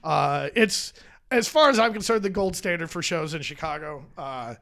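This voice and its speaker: Rambling, profane comedian with a high voice. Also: male voice, expressive, normal speed, vocal fry, fairly bright tone. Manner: rambling, profane, self-mocking. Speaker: stand-up comedian, podcast guest. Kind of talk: casual chat. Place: podcast studio.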